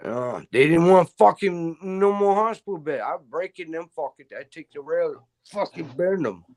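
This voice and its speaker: A man's voice: on the high side, expressive, moderate pace, a little mellow. A middle-aged man in casual chat, telling rambling stories full of swearing. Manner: profane, rambling storyteller.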